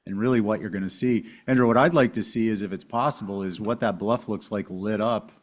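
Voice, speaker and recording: A man on a town commission giving measured, polite comments and thinking aloud. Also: lowish voice, steady tone. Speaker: commission member. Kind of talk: public meeting discussion.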